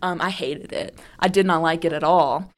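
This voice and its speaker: A woman's voice: low voice, normal speed. A young woman telling a story in a casual, rambling way, full of fillers and blunt swearing. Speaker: interviewee.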